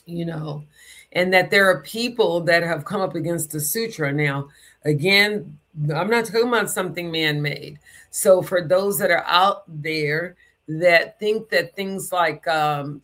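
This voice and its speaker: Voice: medium pitch, a bit bright. Brief: spiritual teacher, emphatic, stretches words for stress, loose and conversational, with asides. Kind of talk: informal spiritual talk.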